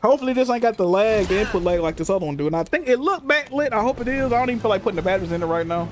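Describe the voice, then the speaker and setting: Streamer, young man, high voice that swings wide, profane and animated storyteller. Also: very fast, a little hiss or hum. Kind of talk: casual stream chat. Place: home room.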